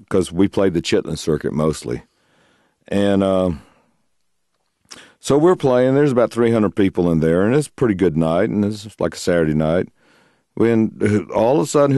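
A middle-aged man, a blues guitarist, telling a story in an interview, animated, laughing and acting out other people's voices. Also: lowish voice, dry recording, studio quality.

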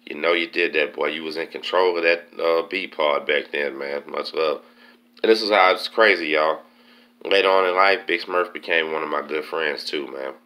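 A man tells a jail story in a relaxed, slang-heavy way. His voice sits very low, with a bright, forceful edge. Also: normal speed. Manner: laid-back, slangy, keeps saying man. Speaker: host telling prison stories. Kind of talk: casual storytelling.

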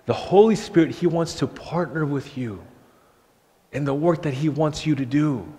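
A young man, a pastor, giving an animated sermon in a church and acting out the voices he quotes. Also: on the high side, moderate pace. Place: church sanctuary. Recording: long church hall reverb.

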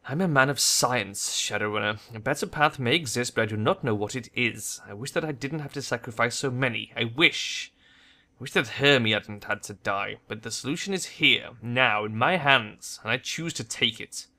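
A weary, aging male scientist from a game, speaking with grave, measured conviction, as a man reads his lines. His voice is bright and clear, at a middling pitch. He sounds tired but unshakable. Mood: resolute.

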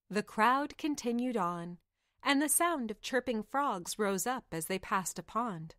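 Woman narrating a fairy tale, slow, gentle, measured, dry close sound. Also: a little high, lively intonation, no echo. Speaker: audiobook narrator. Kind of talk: storybook narration.

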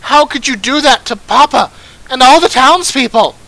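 A man voicing a shrill grieving young woman. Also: fairly even intonation, fast, no echo, poor audio. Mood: pleading. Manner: high-pitched shouting.

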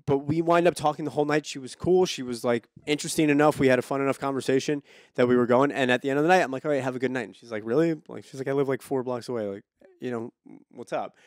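A man's voice: mid-range voice, fairly even intonation, fast talker, no room sound, studio quality. A man on a podcast, casually telling a crude story, repeating and restarting words. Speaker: podcast co-host.

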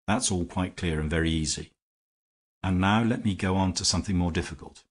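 A man voicing a clever, weary English gentleman with a dry, ironic manner, in an audiobook reading. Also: deep voice, brisk. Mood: calm explaining.

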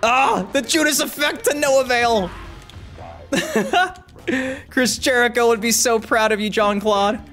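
A man giving let's-play commentary on a fighting game, excitable, swearing, shouting and laughing at the action. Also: very high voice, slow pace, faint music behind. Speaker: gamer.

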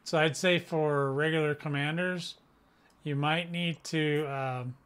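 A man's voice: on the high side, fairly even intonation, slow pace, a bit bright, clear, resonant tone. A man hosting his own gaming channel, rambling through casual gameplay commentary with slang and jokes at his own expense. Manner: rambling, slangy, self-mocking.

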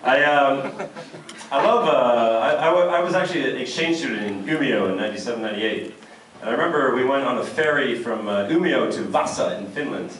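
A middle-aged man from Canada doing a crude, animated stand-up comedy set. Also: mid-range voice. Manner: brash, crude, animated, pauses for laughs. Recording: echoey club, distant mic, loud crowd noise. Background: audience laughter.

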